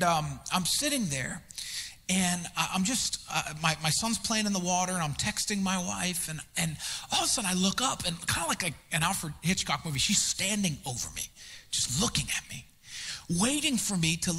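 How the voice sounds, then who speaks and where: A man in his thirties, a pastor, preaching with an animated, self-deprecating storytelling style and acted-out quotes. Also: sits high. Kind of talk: storytelling sermon. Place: church auditorium. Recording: long church hall reverb.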